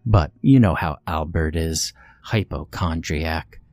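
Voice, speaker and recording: A man's voice: a bass voice, takes it slowly, a little mellow, no echo. A man voicing an elderly female neighbor in a horror story, matter-of-fact and a little dismissive. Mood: chatty. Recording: faint music underneath.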